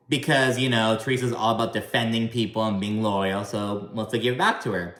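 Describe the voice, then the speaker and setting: A man's voice: fairly low pitch, quick pace, hardly any pauses, fairly bright tone, echoey room. A man giving a casual, chatty video recap of a reality show, gossipy and full of swearing.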